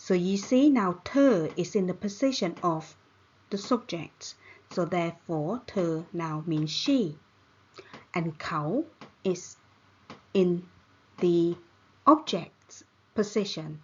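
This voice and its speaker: A woman's voice: on the low side, lively intonation, unhurried, pauses often, a little mellow, breathy edge, lo-fi sound. A woman teaching a language lesson, carefully repeating words for the listener to copy. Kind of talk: slow spoken language lesson.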